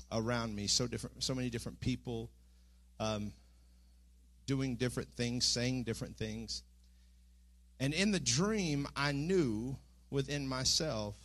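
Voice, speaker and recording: In a church sanctuary, a middle-aged pastor delivers a sermon in a medium-pitched, fairly bright voice. His earnest speech builds into impassioned pleading.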